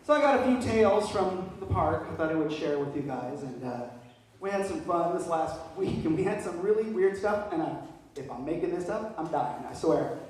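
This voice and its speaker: A man's voice: a little high, moderate pace, heavy reverb, far from the mic, a little hiss or hum, low-quality recording. A man doing stand-up, telling stories with lots of energy and laughing through them. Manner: animated, laughing through his own stories. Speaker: stand-up comedian. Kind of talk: stand-up storytelling.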